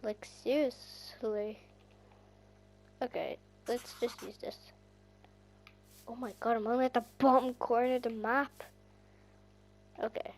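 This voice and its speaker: Irish woman, fairly high voice, chatty and rambling, casual game commentary over faint music. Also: a little slow, pauses often. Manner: rambling, chatty, bursts into excited squeals. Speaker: gaming channel host.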